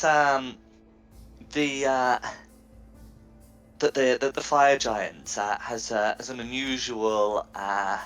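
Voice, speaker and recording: A man with a fairly low voice runs a tabletop game, describing scenes for his players. His narration halts often, with lots of fillers and restarts as he finds the words. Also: fairly even intonation, slow, fairly bright tone, soft background music. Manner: hesitant, many fillers. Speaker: game master.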